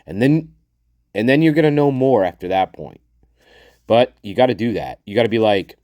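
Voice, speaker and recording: A man's voice: medium pitch, animated, normal speed, darkish tone, dry recording. Guy ranting casually on his show, swears a lot, chuckles, voice jumps up and down, dry close sound. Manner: blunt and profane, chuckling often; talks to the viewer and acts out people he quotes. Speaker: host of a true-crime commentary channel. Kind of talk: casual opinion commentary.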